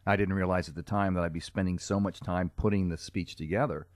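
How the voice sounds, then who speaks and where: A middle-aged man with a notably deep, low-pitched voice talks casually as a podcast guest. He tells his stories with self-mocking humor and laughs often. The recording is close and dry. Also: steady tone, fairly quick, no echo. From Cincinnati, USA. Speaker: guest, comedic speaker and character performer.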